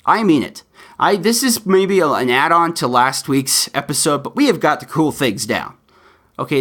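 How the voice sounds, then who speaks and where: A man's voice: on the high side, animated, normal speed, a bit bright. A man hosting a solo podcast, talking earnestly and pleading with listeners, with plenty of fillers along the way. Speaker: podcast host.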